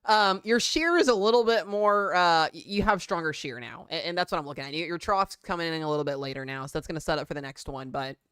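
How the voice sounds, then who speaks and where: A man's voice: on the high side, quick pace, hardly any pauses, pushed and bright, smooth, dry recording, studio quality. A man streaming live weather commentary in a casual, rambling and jokey way, with filler words.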